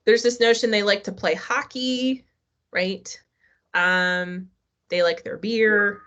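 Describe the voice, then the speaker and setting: A woman's voice: mid-range voice, steady tone, takes it slowly, a bit bright, dull audio. A middle-aged woman teaching a live online history class, talking casually and asking her students questions. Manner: conversational, asks the class questions.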